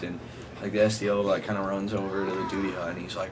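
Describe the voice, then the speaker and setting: A man's voice: low voice, steady tone, fast. A young man casually telling a rambling, profane anecdote to friends, often laughing as he talks. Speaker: storyteller. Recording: noisy amateur recording.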